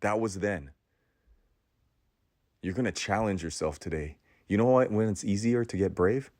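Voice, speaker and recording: Intense, preachy deep-voiced man. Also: normal speed, no room sound, clean studio sound. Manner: preachy and intense, repeating words for emphasis; swings between loud outbursts and hushed, low passages. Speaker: podcast host. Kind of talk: impassioned spoken monologue.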